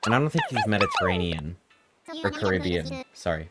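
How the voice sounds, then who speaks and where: A woman's voice: very deep voice, very animated, brisk. A woman streaming a game, chatting casually and joking with her viewers. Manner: joking, chatty, reacting to chat. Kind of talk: casual live-stream chat. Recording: game music playing behind.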